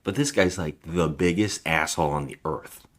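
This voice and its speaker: A man co-hosting a casual film podcast, retelling scenes and acting out character lines in an animated way. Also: a bass voice, moderate pace. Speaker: podcast co-host. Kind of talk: casual chat about a film.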